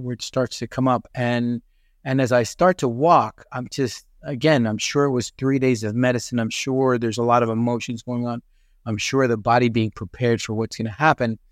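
A man's voice: medium pitch, steady tone, normal speed, dry recording. Earnest man telling a story in a dry room. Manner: earnest, reflective, many restarts and fillers. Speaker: podcast guest. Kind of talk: conversational storytelling.

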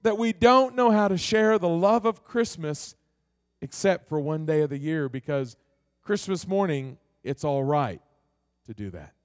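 High-voiced man preaching a sermon. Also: animated. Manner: storytelling, slowing down and dropping soft to stress a point. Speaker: pastor.

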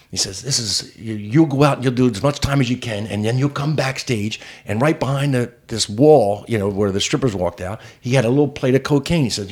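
A man's voice: mid-range voice, brisk, few pauses, slightly rough. A man, a comic, telling a long rambling road story in casual podcast chat, jumping into other people's voices as he goes. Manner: animated storyteller acting out voices. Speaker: stand-up comic guest.

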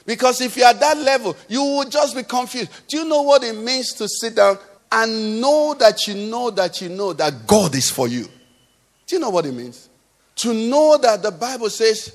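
A man preaching a sermon as pastor, swinging from loud cries to low murmurs. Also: lively intonation, moderate pace.

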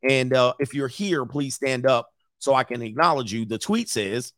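A man hosting a live commentary, reading messages aloud and reacting to an audience in the room with blunt, profane, animated asides. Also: mid-range voice, normal speed, hardly any pauses, no room sound, studio quality. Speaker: commentary host.

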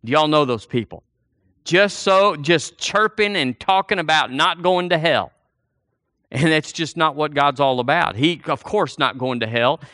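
A man's voice: on the high side, unhurried, pushed and bright, dry recording, clean studio sound. A man preaching a fervent sermon, repeating phrases and drawing the congregation in. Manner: fervent, repetitive preaching with call-and-response.

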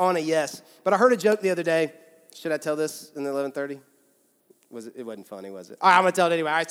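Pastor preaching, jokey and chatty, repeats stuff for emphasis, fairly high voice, big echoey church. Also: male voice. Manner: humorous, conversational, repeats phrases for emphasis. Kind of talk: sermon. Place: large church.

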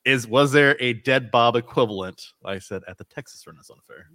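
Man from arizona, podcast co-host, rapid talk, dry sound. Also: mid-range voice, pushed and bright, dry recording. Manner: quick, eager questions, repeats himself. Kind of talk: casual chat.

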